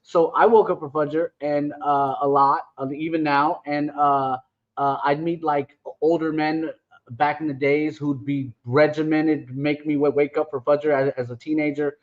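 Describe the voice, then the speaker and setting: A man's voice: on the high side, fairly even intonation, moderate pace. A man telling rambling, joking stories in a casual podcast chat, with many restarts. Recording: dull lo-fi sound.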